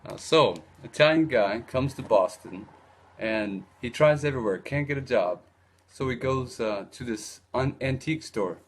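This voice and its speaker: A man's voice: medium pitch, normal speed. A man hosting a casual live video on ads, talking loosely with many fillers and restarts. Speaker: host of a live video on online advertising. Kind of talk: casual live-stream talk.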